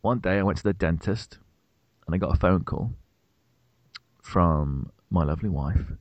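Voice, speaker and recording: A young man co-hosting a podcast, telling an animated, swearing story in casual chat. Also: deep voice, normal speed, dry recording, muffled recording. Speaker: podcast co-host.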